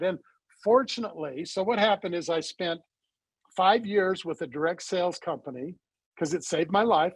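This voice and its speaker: High, husky-voiced man telling a story. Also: no room sound, low-quality recording. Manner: animated storyteller who acts out quoted dialogue. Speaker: interview guest, supplement company founder. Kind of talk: conversational interview storytelling.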